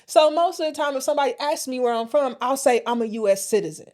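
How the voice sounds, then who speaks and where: A woman's voice: sits high, animated, quick pace, darkish tone. Blunt, chatty American woman podcaster. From United States. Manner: chatty, talks straight to listeners, folksy and blunt. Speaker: podcast co-host. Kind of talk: casual chat.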